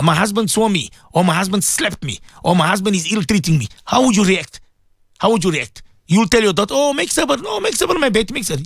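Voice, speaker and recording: A man's voice: on the high side, creaky, breathy edge, no room sound, studio quality. A man preaching on the radio, addressing his listeners directly, emphatic and repetitive. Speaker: religious radio presenter. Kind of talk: impassioned radio sermon.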